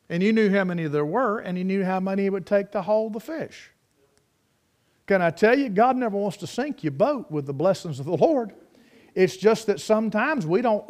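A man preaching a sermon, swinging from loud ringing peaks to low, quiet storytelling.

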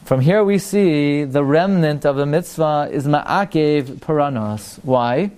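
Male Torah teacher, fairly high voice, animated, rhetorical questions. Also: slow, clear, resonant tone. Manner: animated, rhetorical questions, rises in pitch when excited. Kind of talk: lively religious lecture.

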